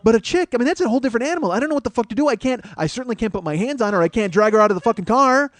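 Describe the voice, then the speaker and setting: A man hosting a podcast, telling a comic story full of swearing, growing louder and more animated as it goes. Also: very high-pitched, very fast. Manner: profane, animated, rising to shouting as the story builds. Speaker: podcast host.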